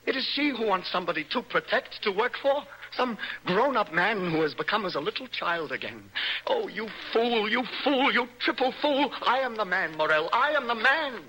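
A highly strung young poet in a radio play, his voice light, bright and a little breathy. He swings his pitch widely as he moves between dreamy musing and impassioned outbursts. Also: expressive, fairly quick, few pauses, slight background noise, poor audio. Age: young adult. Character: young man, a nervous, passionate poet. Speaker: romantic rival. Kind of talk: old-style radio drama acting.

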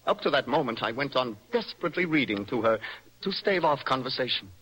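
A nervous, dreamy young poet. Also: male voice, mid-range voice, expressive, fast talker, a bit bright, breathy edge, rough recording. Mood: impassioned. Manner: poetic, impassioned, mocking. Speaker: young poet in love with a married woman. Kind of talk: stage play acted for radio.

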